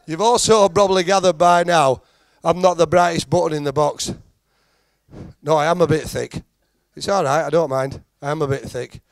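A middle-aged Yorkshire man works the room in a stand-up set, chatty and self-mocking. His voice sits a touch high for a man and has a gravelly rasp. The sound is close and dry, with no room echo. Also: fairly even intonation, normal speed. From Halifax, England. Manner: chatty, self-deprecating, teasing the crowd. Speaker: stand-up comedian. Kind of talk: stand-up routine.

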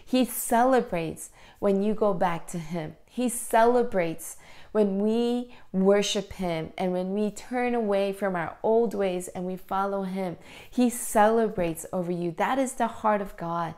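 A woman gives a children's sermon in a medium-pitched voice. She tells the story animatedly, jumping up in pitch for the quoted characters, then settles into a casual, encouraging talk peppered with "you know". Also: measured pace, a little mellow. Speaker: children's church teacher.

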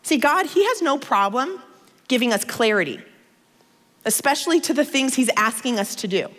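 A woman in her thirties from the United States, preaching a sermon in a conversational, expressive storytelling manner. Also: high voice, moderate pace, long reverb tail.

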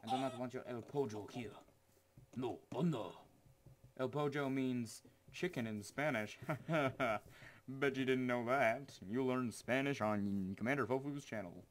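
A man hosts his gaming channel in a loose, chatty way. He is goofy and excitable and often bursts into exclamations. His voice sits at an ordinary, middle pitch. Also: unhurried, slight background noise. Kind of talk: casual gameplay commentary.

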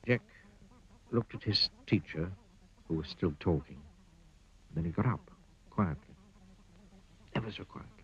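A husky-voiced man narrates a children's storybook. His telling is playful, and his pitch swoops up and down with every turn of the tale. The recording sounds dull and lo-fi.

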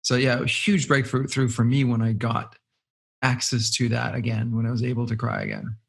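A man hosts an interview, asking probing follow-up questions and giving short affirmations. His voice has a gravelly, husky texture, with a grainy edge at the ends of phrases. His pitch is average for a man. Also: level tone, moderate pace. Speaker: show host, interviewer. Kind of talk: interview conversation.

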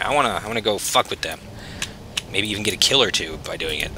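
A man's voice: fairly low pitch, animated, fast talker, sharp tone, slight background noise. A man casually commenting on his own gameplay as a channel host, chatty and self-mocking, swearing freely.

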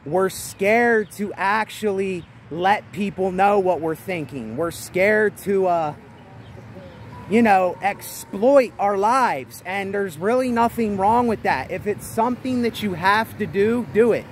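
A man with a fairly high voice giving a motivational vlog talk outside. He talks emphatically and repeats his points, pushing his voice up to carry over faint traffic passing nearby. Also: takes it slowly. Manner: emphatic and repetitive, speaking loudly over outdoor noise. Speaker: vlogger. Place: outdoors near traffic.

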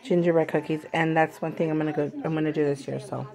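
A woman's voice: deep voice, steady tone, quick pace, warm tone. A woman vlogger chatting casually as she unboxes purchases, gushing and rambling, sick with a cough.

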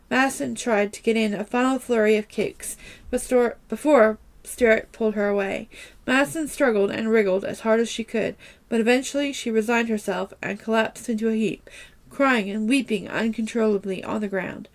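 A woman's voice: fairly high pitch, moderate pace. A woman reading a mystery novel aloud, in a plain way with occasional slips and restarts. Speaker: storyteller reading a book aloud.

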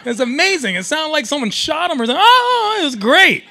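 Young male stand-up comic, high bright voice, riffs with the crowd. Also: quick pace, creaky. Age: young adult. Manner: animated, riffing with the audience. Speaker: stand-up comedian. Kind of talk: stand-up comedy set. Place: event hall, live audience.

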